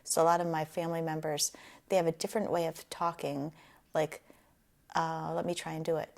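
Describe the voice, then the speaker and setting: Low, gravelly woman with a light Rhode Island accent. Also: little pitch movement, fairly quick. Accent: light southern Rhode Island. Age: 40s. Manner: hesitant and thoughtful, with frequent ums. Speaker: interviewee. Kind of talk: casual interview answers.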